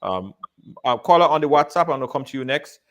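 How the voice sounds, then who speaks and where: A man's voice: medium pitch, expressive, fast, fairly bright tone. A man hosting a live call-in show, repeating words as he steers callers.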